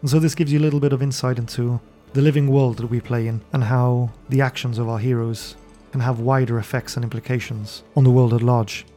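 Mellow-voiced man narrating a tabletop game. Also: medium pitch. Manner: measured storytelling, then chatty sign-off. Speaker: game master and podcast host. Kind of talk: scripted fantasy narration. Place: podcast studio.

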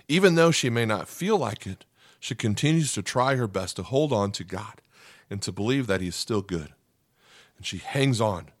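A man's voice: medium pitch, a bit bright, no room sound, studio quality. A man preaching a sermon as a pastor, earnest and emphatic, often checking in with "okay?".

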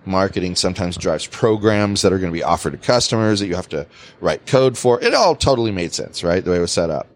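Animated man telling a work story. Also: fast talker. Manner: animated, swings pitch widely, swears freely. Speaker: podcast host. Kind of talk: casual storytelling chat.

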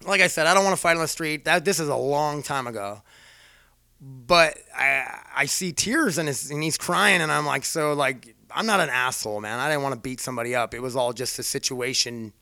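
A man's voice: mid-range voice, fairly quick, creaky, pushed and bright, no echo. A man casually telling a rambling personal story, swearing freely and poking fun at himself. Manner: profane, rambling, self-mocking.

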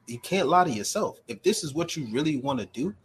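A man's voice: a little high, fairly quick. Slangy Brooklyn man telling stories. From Brooklyn, New York. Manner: animated storyteller, heavy slang and fillers. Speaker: podcast guest, cosplay creator. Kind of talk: casual chat.

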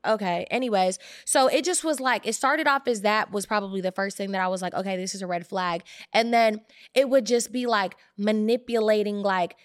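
A woman's voice: fairly quick, no echo, studio quality. A young woman co-hosting a podcast, telling a personal story in casual chat and acting out the quotes. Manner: animated storyteller who acts out quotes in higher voices. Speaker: podcast co-host.

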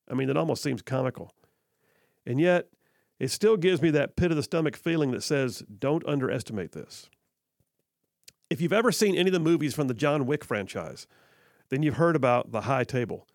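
Gravelly male talk radio host. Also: medium pitch, darkish tone, dry recording, studio quality. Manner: conversational, sarcastic, many "I mean" asides. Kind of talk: opinionated talk radio commentary. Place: radio studio. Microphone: studio microphone.

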